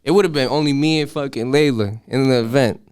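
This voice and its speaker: An eighteen-year-old man excitedly telling a profane story, acting out the voices of the people in it. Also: mid-range voice, fast talker, clear, resonant tone, dry recording, clean studio sound. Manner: animated, profane, acts out voices in his story. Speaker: podcast guest. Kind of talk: casual storytelling.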